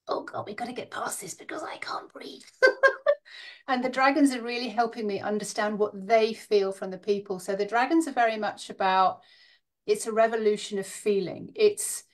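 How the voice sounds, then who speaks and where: A woman interviewed as a guest, speaking frankly and conversationally with a light laugh. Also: medium pitch. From Scotland and northern Britain.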